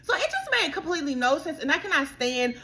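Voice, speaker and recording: Lively high-voiced woman recapping reality TV. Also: fast. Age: adult. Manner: animated, exasperated, talks straight to the cast, keeps saying girl. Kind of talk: casual reality show recap.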